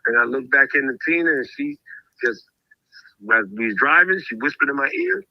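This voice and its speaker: A man hosting a show, telling a story in a casual, animated way and acting out the voices of the people in it. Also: medium pitch, normal speed, creaky, no room sound, dull audio.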